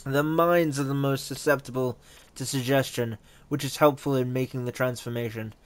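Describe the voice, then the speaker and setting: Male GM as a sly elf lecturer, measured and wry. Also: medium pitch, steady tone, close to an everyday voice.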